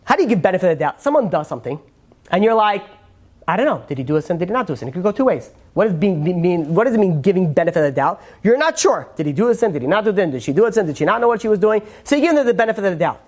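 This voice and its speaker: A man giving a Torah class as a rabbi, quoting Hebrew verses and translating them, with joking asides to his listeners. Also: high voice. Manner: animated, joking asides, quick Hebrew quotes then translating.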